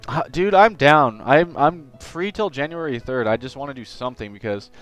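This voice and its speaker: Young man, live-stream chat, animated rambling storyteller, clear resonant voice, soft background music. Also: medium pitch, moderate pace, low-quality recording. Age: young adult.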